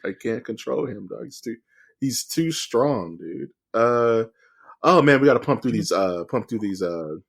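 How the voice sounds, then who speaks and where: A man's voice: mid-range voice, animated, measured pace, vocal fry. A man co-hosting a podcast in casual chat, teasing and slangy, calling his friend dude and dog. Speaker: podcast co-host.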